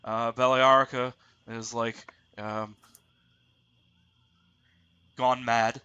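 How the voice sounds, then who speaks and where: Bright-voiced man running a tabletop game. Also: mid-range voice, very slow, smooth, highs cut off. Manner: relaxed, thinks aloud while narrating. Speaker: game master.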